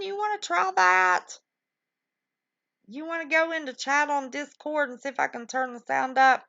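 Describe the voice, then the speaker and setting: A woman hosts a live stream, her voice a touch high and her talk folksy and chatty. The sound is dry and close, but dull and lo-fi. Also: vocal fry, a bit bright, no room sound. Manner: folksy, chatty, affectionate with callers. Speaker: livestream show host. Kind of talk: casual live-stream chat.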